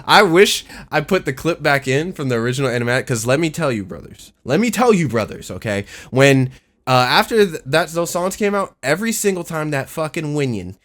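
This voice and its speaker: A young man giving casual, excitable reaction commentary, profane and slangy. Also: on the high side, brisk. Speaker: reaction video host. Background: song playing faintly.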